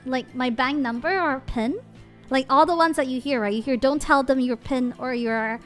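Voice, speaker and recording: A woman streamer in casual livestream chat, animated and giggly. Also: high-pitched. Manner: animated, giggly, switches between English and Japanese.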